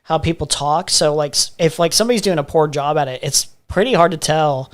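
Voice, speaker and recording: A man's voice: fairly high pitch, fairly quick. An American man hosting a livestream, chatting casually while reacting to clips, laughing often, swearing and repeating himself. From United States. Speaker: livestream host. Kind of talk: casual reaction stream commentary.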